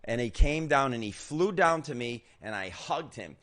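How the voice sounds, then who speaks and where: A man's voice: medium pitch, lively intonation, moderate pace, fairly bright tone, no echo. Emphatic older man, dry close sound. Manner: emphatic, swearing, motivational, frequent restarts. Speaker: host. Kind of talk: personal recovery testimony.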